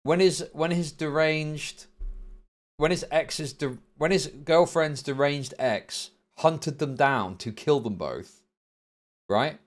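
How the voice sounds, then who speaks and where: A man's voice: on the high side, slow pace. Sarcastic man ranting on stream. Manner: profane, sarcastic, mocking. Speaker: streamer host. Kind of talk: casual livestream reaction commentary.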